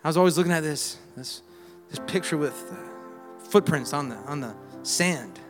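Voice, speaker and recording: A man preaching a sermon, swinging between loud exhortation and quiet reflection, with humorous asides and call-and-response lines. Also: fairly high pitch, lively intonation, moderate pace. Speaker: pastor. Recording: reverberant hall with faint music.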